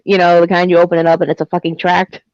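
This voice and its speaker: A woman's voice: fairly low pitch, fast talker, no room sound, highs cut off. A woman telling a funny story in casual chat, laughing often as she goes. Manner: giggly, animated storyteller. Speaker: guest.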